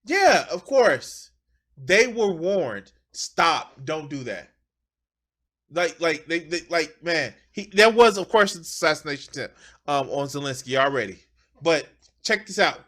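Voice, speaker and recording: A man's voice: sits high, sharp tone. A man giving profane, emphatic political commentary as a streamer, often repeating his phrases.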